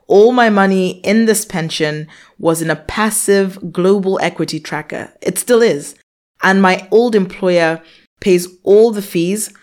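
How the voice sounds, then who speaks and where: Woman explaining money sums. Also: fairly low pitch. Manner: explanatory, upbeat, walks through sums step by step. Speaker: podcast host. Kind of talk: scripted finance podcast monologue.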